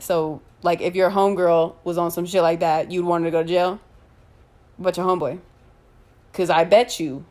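A woman delivering an angry, profane rant full of rapid rhetorical questions. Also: on the low side, a little mellow.

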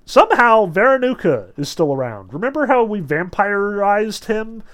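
A man's voice: high voice, very animated, normal speed, a bit bright. A man casually talking through a novel, peppering his speech with "like". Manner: casual, many "like" fillers. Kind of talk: casual book discussion.

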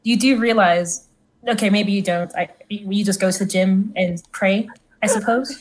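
A woman's voice: medium pitch, fairly even intonation, normal speed, slight background noise. A woman playing a tabletop game in character, eager and gushing, tripping over her words. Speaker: player.

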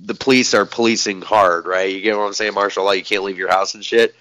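A man's voice: on the low side, fairly even intonation, fast talker, background noise. A young man co-hosting a podcast in casual chat, laid-back, swearing often and laughing a lot. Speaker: podcast co-host.

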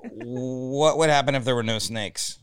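A man's voice: mid-range voice, a little slow, smooth, no echo, clean studio sound. A man hosting a podcast, asking questions in a laid-back way and laughing easily. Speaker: podcast host. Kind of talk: casual interview questions.

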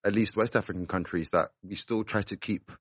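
Calm low-voiced man. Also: fairly quick, breathy edge, no echo, highs cut off. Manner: calm, slangy, many murmured agreements. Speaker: podcast guest. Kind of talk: casual chat.

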